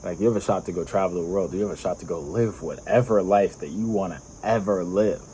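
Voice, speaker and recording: A young man tells a personal story in a loose, rambling vlog style, stacking fillers and breaking into laughter. His voice sits low. Faint crickets and insects hum in the background. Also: a little fast, warm tone, poor audio. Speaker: vlogger.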